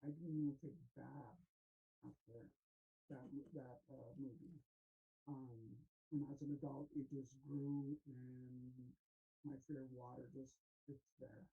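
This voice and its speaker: Male co-host, halting storyteller, mid pitch, dull recording. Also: little pitch movement, vocal fry. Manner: rambling, halting with fillers. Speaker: podcast co-host. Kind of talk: casual storytelling.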